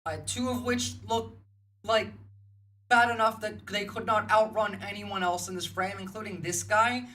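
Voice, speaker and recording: A woman's voice: medium pitch, fairly even intonation, moderate pace, a bit bright. A woman, giving blunt, heated livestream commentary and swearing freely. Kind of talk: casual reaction commentary.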